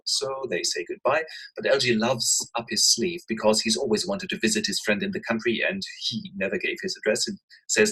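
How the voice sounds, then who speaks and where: A man telling the story of a play in a lively, animated narration, as if teaching a lesson. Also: on the low side, moderate pace, slightly rough, poor audio. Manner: lively and expressive.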